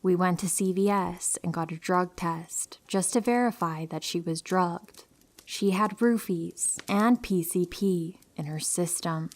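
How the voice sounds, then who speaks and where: A young woman calmly reading true horror stories aloud for sleep, slipping into hushed, whispery stretches. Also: lowish voice. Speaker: narrator reading listener stories. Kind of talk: soft scripted storytelling for sleep.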